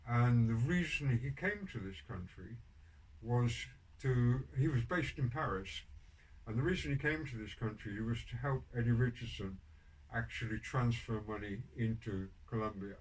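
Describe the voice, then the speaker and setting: A man's voice: medium pitch, moderate pace. An older man telling prison stories on a podcast, rambling with many ums and restarts and a dry, wry humor. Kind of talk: casual storytelling interview. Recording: distant mic with background noise.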